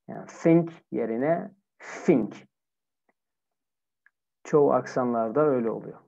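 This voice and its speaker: Woman teaching english pronunciation online, low voice, repeats each word, muffled lo-fi sound. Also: vocal fry, mellow. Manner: slow, repeats each word several times.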